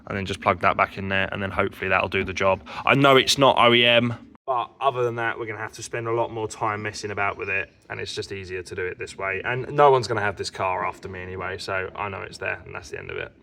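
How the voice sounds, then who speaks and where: A man with a bright, forceful voice hosts a casual car repair vlog. He chats easily and explains what he is doing as he works on the car. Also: lowish voice, quick pace, gravelly, a little hiss or hum. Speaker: car vlogger.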